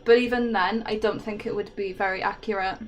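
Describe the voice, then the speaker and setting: A woman's voice: mid-range voice, steady tone, fairly quick, slight background noise. A woman chatting casually with viewers while she paints, self-deprecating and trailing off into ums. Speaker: streamer painting live.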